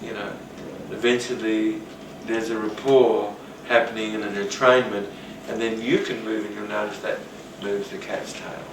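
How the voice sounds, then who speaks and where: A man giving a rambling, animated talk on rapport, now and then acting out the voices of people he quotes. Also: on the low side, moderate pace, hardly any pauses. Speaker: teacher. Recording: roomy, distant, noisy.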